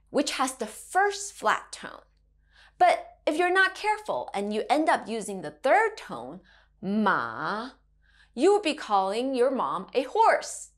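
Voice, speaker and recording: A woman teaching a children's language lesson, playful and sing-song, a mother drawing out her tones. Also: a little high.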